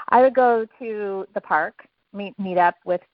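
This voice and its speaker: A woman's voice: medium pitch, slow, no room sound. Eager, rambling woman on a dull phone line. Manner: eager, rambling with many restarts. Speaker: network marketing guest. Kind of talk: casual phone interview.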